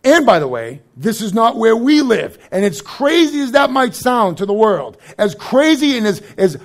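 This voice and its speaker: A man's voice: very high-pitched, sing-song, normal speed. A young adult man preaching a sermon as pastor, conversational and joking, with frequent asides.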